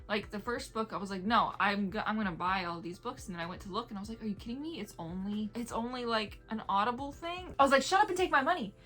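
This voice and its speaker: A woman's voice: medium pitch, fairly bright tone. A woman reviewing an audiobook in a chatty, rambling way, laughing often and drifting into tangents. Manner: playful whispers when mimicking vampires. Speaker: book reviewer. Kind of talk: casual video review.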